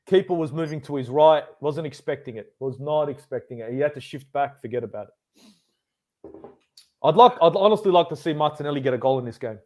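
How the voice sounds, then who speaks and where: A man's voice: fairly high pitch, expressive, fairly quick, mellow. A man co-hosting a live football watchalong, teasing his partner in blunt, sweary banter. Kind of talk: casual live match chat.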